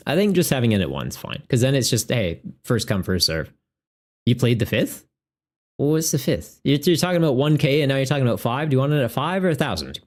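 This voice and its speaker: A man's voice: medium pitch, animated, a little fast, darkish tone. A man chatting casually on a live stream as a tournament organizer, laughing often and joking with his viewers.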